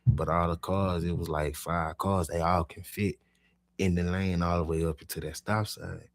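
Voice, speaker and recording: A young man telling a profane street story in casual talk, swinging between low mutters and loud animated bursts. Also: normal speed, no echo. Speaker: podcast storyteller.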